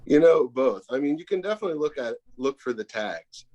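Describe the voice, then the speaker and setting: Um homem convidado numa entrevista casual por chamada de vídeo, que fala de modo modesto e hesitante, com muitas pausas. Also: male voice, medium pitch, lively intonation, darkish tone, highs cut off. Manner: modest, hesitant, with many fillers. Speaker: guest, pedal maker. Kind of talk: casual video-call interview. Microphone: phone on a video call.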